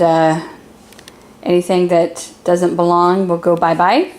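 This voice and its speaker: A woman's voice: mid-range voice, darkish tone, slight background noise. A young woman chatting cheerfully through a home vlog. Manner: chatty, cheerful, talks to her pets in baby talk. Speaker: vlogger. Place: home kitchen and living room.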